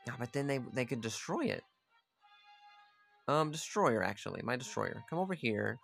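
A man's voice: mid-range voice, very animated, moderate pace, creaky, a bit bright, faint music behind. A man giving casual, profane gameplay commentary, chatting aloud and ordering his units around as he plays. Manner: chatty, swears freely, talks to his units. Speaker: gamer playing a strategy game.

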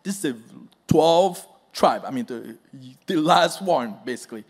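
A man's voice: a little high, a little slow, husky. A man preaching a sermon, telling a story with acted-out quotes and questions to the congregation. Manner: animated storytelling, acts out quotes, asks the crowd questions.

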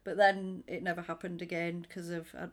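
Chatty woman, low-pitched. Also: normal speed. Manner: chatty, animated, acts out her own reactions in asides. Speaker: podcast co-host. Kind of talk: casual film-discussion chat.

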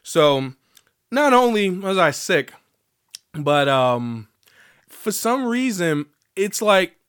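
Still a bit off after an illness, a young man's high, clean-toned voice takes things slowly in his casual solo podcast monologue. As host he's animated and profane, now and then bursting into bits of song.

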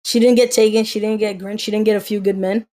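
A woman's voice: medium pitch, level tone, quick pace, mellow. A woman hosting a casual movie-quote guessing game, teasing and counting down the seconds. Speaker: game host.

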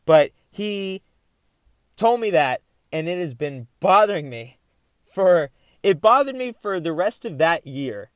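A young man hosts his own podcast, telling a long story in a loose, animated way. He interrupts himself and goes off on tangents. His voice sits a little high, and the close mic gives a dry sound with no room. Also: slow, no echo. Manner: animated, rambling, self-interrupting. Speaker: podcast host. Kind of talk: casual solo storytelling.

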